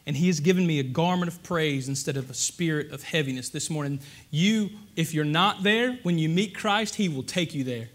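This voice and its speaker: A man preaching a sermon, animated and conversational, asking the congregation rhetorical questions. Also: on the high side, normal speed. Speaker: pastor.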